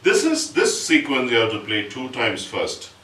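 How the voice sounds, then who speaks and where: A man's voice: mid-range voice, very animated, normal speed, sharp tone, distant mic, a little hiss or hum. A man giving a percussion lesson, patiently explaining each step and chanting rhythm syllables. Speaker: percussion teacher. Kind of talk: music lesson with spoken syllables. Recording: roomy, from off-mic, with instrument playing.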